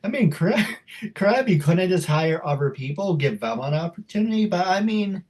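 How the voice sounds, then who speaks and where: A man hosts a casual interview, chatting loosely and cracking jokes. His voice sits a little high for a man. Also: big pitch swings, moderate pace, darkish tone. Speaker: interview host.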